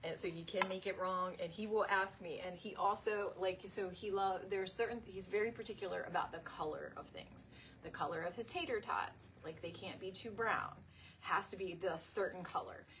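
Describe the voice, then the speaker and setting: A woman's voice: normal speed, slight background noise. A middle-aged woman hosting a casual live craft stream, chatting to viewers by name and laughing often. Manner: animated, jumps to high pitch when retelling stories. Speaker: craft livestream host.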